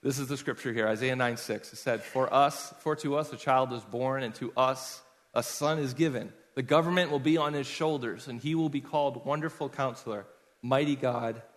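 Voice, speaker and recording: A man preaching a sermon in a conversational way, telling personal stories to his congregation. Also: mid-range voice. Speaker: pastor. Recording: long hall reverb.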